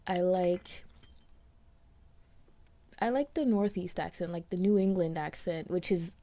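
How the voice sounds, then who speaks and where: Woman w/ a bit of a new york accent, rambly game commentary, low mellow voice. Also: unhurried. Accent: slight New York. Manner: chatty, rambling, many restarts and fillers. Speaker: let's play commentator. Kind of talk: casual gameplay commentary. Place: home, voice-over recorded after play.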